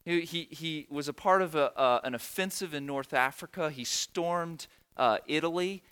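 A middle-aged pastor tells a story from the pulpit, earnest and emotional. His voice sits a bit high for a man, with a forceful, bright edge. He drives his points home by repeating phrases. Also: normal speed, smooth. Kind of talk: sermon storytelling.

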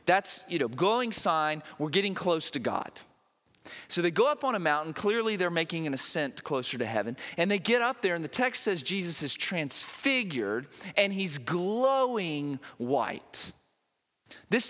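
A man preaching a sermon, animated and emphatic, often repeating words as he builds to a point, recorded in a church. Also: high-pitched, in a large hall. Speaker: pastor.

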